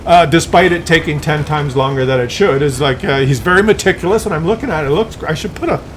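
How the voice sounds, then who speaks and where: A man vlogging, telling a comic story to camera in an exasperated, animated way with many restarts. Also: fairly high pitch, fast talker, a little hiss or hum.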